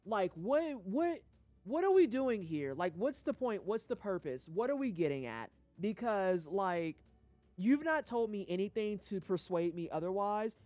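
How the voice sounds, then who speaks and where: A woman's voice: mid-range voice, measured pace, dry recording, faint music behind. A woman from St. Louis streaming a game, ranting casually with lots of swearing. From St. Louis, USA. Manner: animated, profane, ranting. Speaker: livestreamer. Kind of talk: casual rant on a gaming stream.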